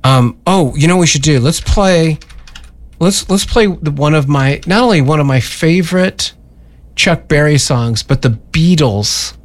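A man's voice: on the high side, measured pace. A man hosting a casual radio show from a studio, chatting in a rambling way with many restarts. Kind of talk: casual on-air chat.

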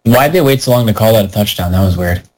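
A man's voice: on the low side, fast, rough recording. A man chatting casually on a podcast, telling a story and acting out the voices of the people in it. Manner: animated storyteller, acts out quoted voices.

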